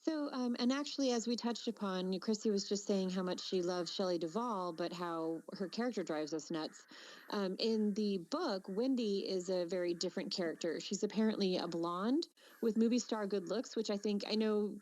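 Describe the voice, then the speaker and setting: A woman's voice: mid-range voice, normal speed, darkish tone, no room sound, low-quality recording. A woman co-hosting a casual podcast, chatty and full of fillers and restarts. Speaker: podcast co-host.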